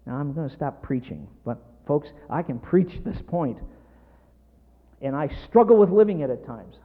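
A man's voice: fairly high pitch, very animated, normal speed. A middle-aged man preaching a sermon with emphatic, passionate delivery that builds in intensity. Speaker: pastor. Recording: tinny phone-like sound in a reverberant hall.

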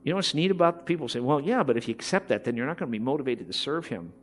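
A man's voice: mid-range voice, animated, very fast. A middle-aged man preaching a sermon, impassioned and emphatic. He acts out the voices of people he quotes.

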